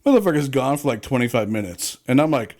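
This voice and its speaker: On a casual podcast, an ex-film crew worker tells long, profane, rambling stories. His medium-pitched, darkish voice is very animated, and he talks fast.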